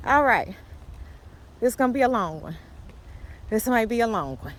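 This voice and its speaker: A woman's voice: on the high side, animated, a little slow, long pauses, fairly bright tone. A woman giving a casual walking tour of a cemetery, talking to viewers through a handheld phone, chatty and apologizing for her cursing. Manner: chatty, apologizes for cursing, exclaims when startled. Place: outdoors in a windy cemetery. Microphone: handheld phone camera.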